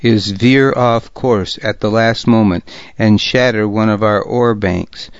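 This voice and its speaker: A man's voice: lowish voice, fairly even intonation, takes it slowly, dry recording, muffled recording. A man voicing a terse, uneasy young warrior in an audiobook. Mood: grim.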